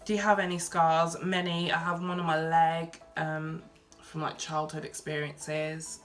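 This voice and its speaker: A young woman from Birmingham with a softened Brummie accent, chatting casually through a Q&A vlog, reading each question aloud and answering with lots of ums and likes. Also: deep voice, flat delivery, unhurried, faint music behind. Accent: Birmingham English, softened. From Birmingham, England. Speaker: vlogger.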